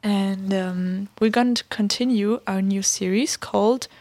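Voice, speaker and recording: An upbeat woman hosts a relaxed chat show. She keeps things moving with friendly questions and the odd um. Her voice sounds dry and close to the mic. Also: medium pitch, unhurried, no echo. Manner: upbeat, asks questions with frequent ums. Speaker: podcast host. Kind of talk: casual chat.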